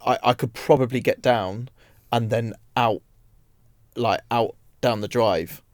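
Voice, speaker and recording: A British man, a radio host, telling an anecdote in relaxed studio banter. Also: medium pitch, unhurried, no echo. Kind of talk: casual chat.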